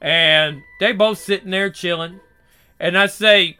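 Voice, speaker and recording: A young man with a high, forceful, bright voice tells his stories in a loose, profane way. He slips into the other people's lines as he goes. Soft music plays faintly behind him. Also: slow pace, clean tone. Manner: profane, acts out quoted dialogue. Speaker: storyteller. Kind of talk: casual storytelling.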